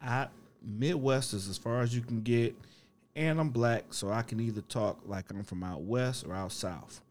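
A man co-hosts a laid-back podcast chat, cracking self-deprecating jokes and reading product labels aloud. His voice sits at an ordinary middle pitch. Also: normal speed, darkish tone. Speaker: co-host.

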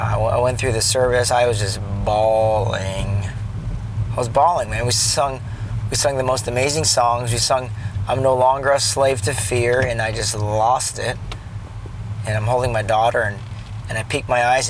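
A man's voice: medium pitch, noisy background. A man telling a rambling story about his day while driving, speaking earnestly and often restarting his sentences. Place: in a car.

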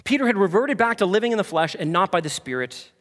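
A man preaches with fervor, his voice sitting high for a man. He drops into hushed asides, then builds to passionate peaks. The sound carries the long reverb of a big hall. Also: expressive, fast talker. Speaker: pastor. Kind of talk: sermon. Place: church sanctuary.

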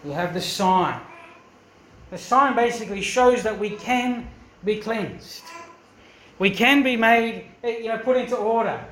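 Earnest preacher in echoey church. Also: male voice, sits high, a little slow, fairly bright tone, a little hiss or hum. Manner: earnest, emphatic preaching with rhetorical questions. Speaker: pastor. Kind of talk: sermon.

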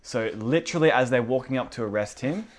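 A man's voice: medium pitch, fairly quick. A man who leads a church teaching night, chatting casually about faith and acting out the people in his stories. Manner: animated storyteller who acts out quotes.

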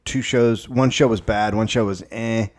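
A man's voice: fairly low pitch, fairly even intonation, moderate pace. A middle-aged man co-hosting a casual comedy podcast, telling stories with acted-out quotes and plenty of swearing. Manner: storytelling, acts out quotes, swears. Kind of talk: casual chat.

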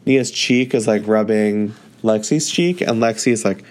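A man's voice: lowish voice, measured pace, few pauses, darkish tone. Chatty man recapping a show. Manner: chatty, heavy use of "like". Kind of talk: casual episode recap.

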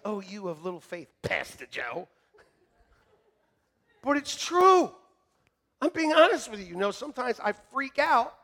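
A middle-aged male pastor preaching a sermon in church, joking and animated, swinging from shouting to hushed. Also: extremely high pitch. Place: church sanctuary.

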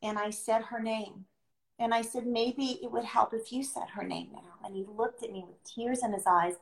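A woman's voice: fairly high pitch, steady tone, normal speed, vocal fry. A middle-aged woman, a podcast guest, talking earnestly and emphatically and repeating her key phrases. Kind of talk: heartfelt podcast conversation. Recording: echoey room.

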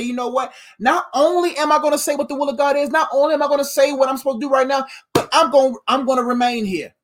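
A woman preaching a sermon in an animated, emphatic way, using slang and calling her listeners "fam.". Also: on the high side.

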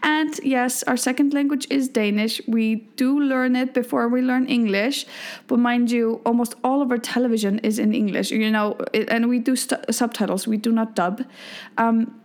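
A woman's voice: fairly high pitch, steady tone, moderate pace, a little mellow. A woman in her thirties from Iceland with an Icelandic accent, hosting a podcast from home in a chatty, self-deprecating monologue full of fillers. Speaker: podcast host.

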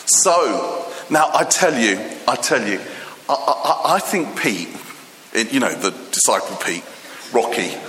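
A man's voice: medium pitch, sing-song, fairly bright tone, reverberant, big-room sound, slight background noise. A man preaching a sermon, telling the story with humor and acting out voices, often stopping and restarting his words. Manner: halting restarts.

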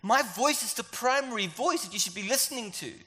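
A preacher voicing God as an exasperated father calling out to his children, loud and incredulous. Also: very high-pitched, expressive, brisk, pitched above the performer's own voice, full character voice. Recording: echoey hall.

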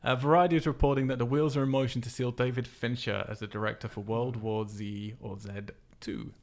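Creaky-voiced man hosting a podcast. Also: mid-range voice, steady tone, fairly quick, a little mellow. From England. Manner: laughs often, chatty, frequent "like" and "uh". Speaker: podcast host. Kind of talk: casual chat.

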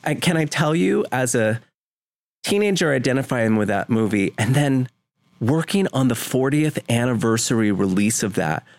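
A man's voice: medium pitch, animated, normal speed, creaky, no echo. A man from Vermont, a guest in a podcast interview, talking earnestly and emotionally with rambling restarts. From Vermont, USA. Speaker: guest, home video producer. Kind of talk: conversational interview.

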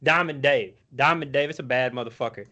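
A man co-hosting a casual podcast, swearing freely as he tells animated stories. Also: mid-range voice, fairly quick, muffled recording. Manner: profane, animated storytelling. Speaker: podcast co-host. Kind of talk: casual chat.

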